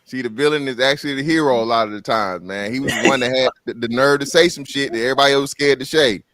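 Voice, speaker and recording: A man hosts a show and jokes his way through a reaction in relaxed slang. His voice sits at an ordinary pitch, recorded close with a dry sound. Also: fast, no room sound. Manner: joking, slangy, calls everyone man. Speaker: show host. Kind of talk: casual chat reacting to a clip.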